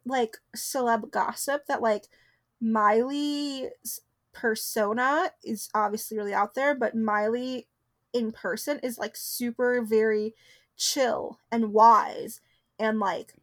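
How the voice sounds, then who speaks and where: A young woman co-hosting a podcast in casual chat, chatty and giggly, riffing quickly. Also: fairly high pitch, fairly even intonation. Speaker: podcast co-host.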